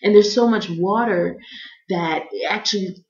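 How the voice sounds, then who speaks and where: Animated young woman telling a story, echoey room. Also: medium pitch, measured pace. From United States. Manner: animated, acts out other people's lines in voices. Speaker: vlogger. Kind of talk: comedic personal storytelling. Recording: echoey room, dull lo-fi sound.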